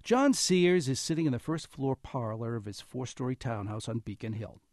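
A man's voice: medium pitch, moderate pace, no room sound. A man hosting a radio talk show, narrating a feature and then introducing guests in the studio. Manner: lively, animated delivery.

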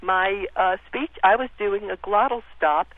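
A woman calling in to a radio show, speaking in a reflective, deliberate way. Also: mid-range voice, no room sound. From Dorchester, Boston. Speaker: caller. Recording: telephone line.

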